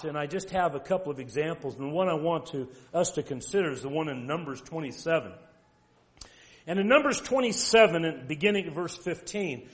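A man preaching a sermon, emphatic and direct, asking the listeners rhetorical questions and reading scripture aloud slowly. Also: high-pitched, fairly bright tone.

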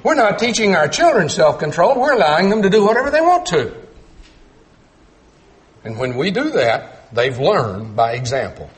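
A middle-aged man preaching a sermon, telling folksy stories and swinging between loud emphatic points and quiet low asides. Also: big pitch swings, normal speed. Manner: storytelling with folksy humor.

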